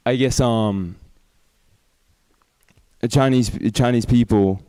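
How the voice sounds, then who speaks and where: A young man, a student, answering in class in a hesitant, halting way with many fillers. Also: mid-range voice, warm tone, clear, resonant tone. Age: young adult. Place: large lecture hall. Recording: long echo of a lecture hall.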